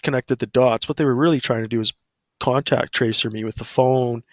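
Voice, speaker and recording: A man's voice: medium pitch, fairly even intonation, a little fast, no room sound, studio quality. Blunt, profane man ranting. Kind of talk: casual storytelling on a livestream.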